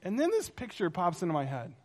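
Animated storytelling male pastor. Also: high-pitched, brisk. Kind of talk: sermon.

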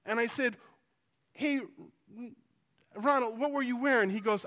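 A man, a pastor, telling a story in a sermon, animated and rising toward near shouting at its emotional peaks. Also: extremely high pitch, unhurried, highs cut off.

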